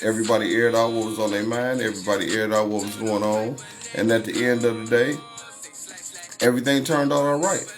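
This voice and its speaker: A man's voice: lowish voice, fairly even intonation, a little fast, faint music behind. A man hosting a casual livestream, greeting viewers by name and talking over the news in a loose, conversational way. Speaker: livestream host.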